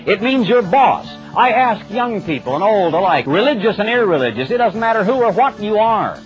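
A male radio preacher delivering a sermon in plain, emphatic everyday speech, his pitch rising and falling a great deal. His voice sits a little high. The sound is dull and lo-fi, with faint music underneath. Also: sing-song, normal speed. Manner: plain-spoken, emphatic, conversational. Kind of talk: broadcast sermon.

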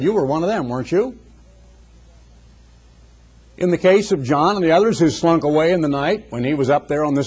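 Husky older man preaching earnestly. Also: medium pitch, darkish tone. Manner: earnest, building emphasis with repeated phrases. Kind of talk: sermon.

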